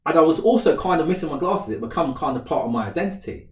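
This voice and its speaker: A man's voice: on the high side, quick pace. Man telling stories in a roomy echo. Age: 30s. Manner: animated storyteller, laughs often, acts out quotes. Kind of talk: casual chat. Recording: roomy sound, mic a bit distant.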